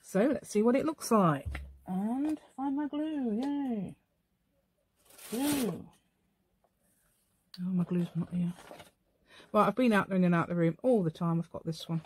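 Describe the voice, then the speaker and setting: A woman's voice: fairly low pitch, lively intonation, fairly quick, darkish tone, a little hiss or hum. Chatty woman, rambling craft talk. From England. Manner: rambling, chatty, talks to herself while working. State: tired. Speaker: craft channel host. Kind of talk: casual crafting tutorial chat.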